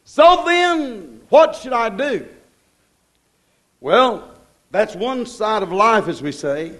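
A man's voice: high voice, big pitch swings, takes it slowly, fairly bright tone. A man preaching a sermon in a plainspoken, folksy way, building up with emphatic repetition.

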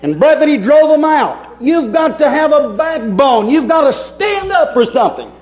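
A middle-aged man, preaching a fervent sermon as pastor, dropping suddenly quiet and then bursting out with emphasis. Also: extremely high pitch, sing-song, moderate pace, poor audio.

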